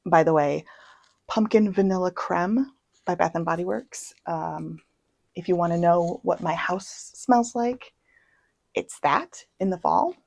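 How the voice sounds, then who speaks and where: A young woman chatting casually as a book vlogger, self-deprecating and full of quick asides. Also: lowish voice, vocal fry, darkish tone, no echo, low-quality recording. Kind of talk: casual chat. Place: home.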